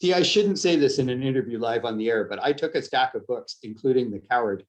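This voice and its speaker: A middle-aged man from upstate New York, USA, whose accent sounds somewhat Canadian, talks quickly in a mid-range, expressive voice. He's an author guest in a casual interview, rambling and self-deprecating, with frequent restarts and laughter.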